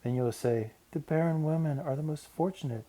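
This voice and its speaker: A man voicing a solemn, gentle teacher in a Bible story. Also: fairly high pitch, fairly quick, pitched above the performer's own voice, natural voice.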